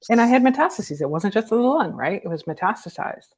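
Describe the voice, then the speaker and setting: A woman's voice: on the high side, big pitch swings, moderate pace, darkish tone, slightly rough. A woman speaking as a guest in a candid conversation, blunt and emphatic, swearing freely. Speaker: guest, cancer survivor.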